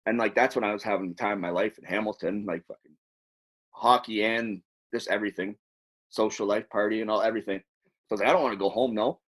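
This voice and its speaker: A man with a somewhat low voice tells long, rambling stories in a loose, casual way. He swears freely as he talks, like a podcast guest recalling his playing days. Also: fast. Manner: rambling, profane, animated storyteller. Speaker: podcast guest, former hockey player. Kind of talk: casual storytelling.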